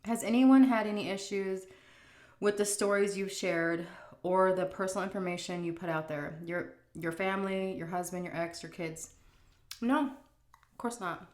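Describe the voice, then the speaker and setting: A woman's voice: mid-range voice, fairly even intonation, moderate pace, darkish tone. Casual woman vlogger, roomy sound. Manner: chatty, frank, reads questions aloud. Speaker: vlogger answering viewer questions. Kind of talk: casual chat while eating.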